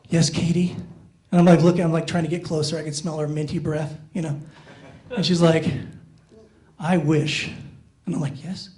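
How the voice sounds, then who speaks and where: A man with a high, light voice telling self-deprecating stories in a stand-up comedy set on a small theater stage. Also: low-quality recording. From Iowa, USA. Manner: self-deprecating storytelling, jumps up in pitch for inner thoughts.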